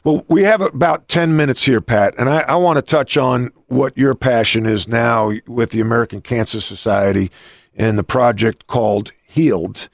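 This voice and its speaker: A man's voice: mid-range voice, normal speed, dry recording, clean studio sound. A middle-aged man hosting an interview, telling stories with many restarts. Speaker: podcast host and coach. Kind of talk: conversational interview.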